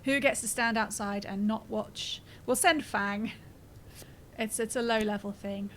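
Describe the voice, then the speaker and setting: A woman's voice: mid-range voice, steady tone, unhurried, a bit bright, a little hiss or hum, low-quality recording. A woman streaming a game, reading its text aloud and chatting casually, swearing and laughing as she plays. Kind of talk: casual gameplay commentary.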